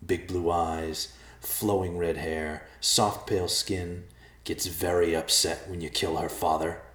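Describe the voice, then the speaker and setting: A cold, taunting villain voiced by a male narrator who drawls his threats slowly and calmly. His voice sits very deep, and the room around it rings with echo. It is a storybook reading. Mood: cold mocking. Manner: calm, mocking, slow and deliberate. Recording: roomy echo.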